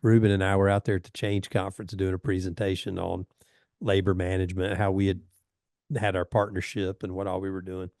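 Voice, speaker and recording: A middle-aged man with a low, mellow voice spins rambling stories in an easygoing podcast chat. He chuckles through his anecdotes, and his voice sounds close and dry, with no room around it. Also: level tone, brisk, dry recording. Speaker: podcast guest, fire service training advisor. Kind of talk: casual storytelling chat.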